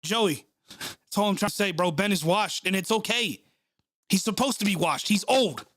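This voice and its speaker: A man's voice: high-pitched, moderate pace, fairly bright tone, dry recording, studio quality. A man ranting heatedly and swearing while hosting a live reaction stream of a football game. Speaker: sports live-stream host. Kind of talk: angry live play-by-play reaction.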